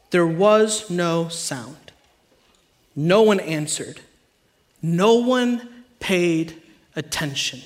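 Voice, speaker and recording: A pastor delivering an animated, conversational sermon to his congregation. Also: sits high.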